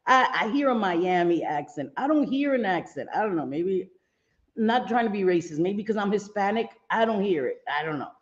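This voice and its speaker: A woman hosting a casual livestream, talking at a mid pitch. She greets viewers by name as she goes and laughs easily. The sound is dull and lo-fi. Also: animated, moderate pace. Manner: chatty, reads chat names aloud, laughs easily. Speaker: livestream host.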